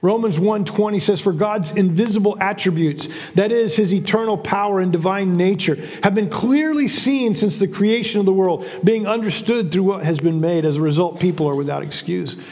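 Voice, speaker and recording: A man's voice: high-pitched, normal speed, hardly any pauses, a little mellow, long reverb tail. A man preaching a sermon as pastor, in a conversational style with frequent repeats and restarts.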